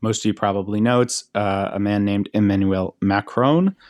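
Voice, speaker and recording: American podcast cohost, low voice, slow careful explaining with lots of uhs, dry sound. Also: male voice, steady tone, a little mellow, dry recording. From United States. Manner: measured, hesitant, many fillers. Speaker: podcast co-host.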